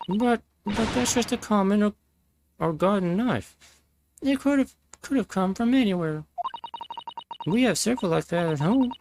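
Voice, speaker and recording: A man voicing a shrill, indignant middle-aged woman juror in a high put-on falsetto, stammering and huffy. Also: expressive, moderate pace, gravelly, long pauses, noisy background. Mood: defensive. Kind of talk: voicing game characters live.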